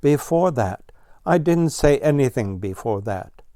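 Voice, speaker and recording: A man voicing a brash, teasing male blue jay in a storybook, talking loud and cheeky. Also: mid-range voice, animated, a little slow, no room sound, studio quality, voice pushed up, close to an everyday voice.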